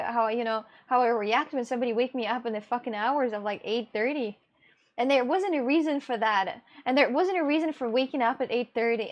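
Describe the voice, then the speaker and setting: A young woman chatting bluntly and rambling on a live stream, reading out chat messages and laughing often. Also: high voice.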